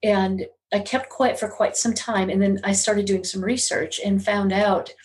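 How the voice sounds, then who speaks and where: A middle-aged woman, a psychic medium, appears as a guest on an interview podcast and tells a personal story. Her ordinary-pitched voice is unhurried, earnest, and confessional, with a steady undercurrent of emotion.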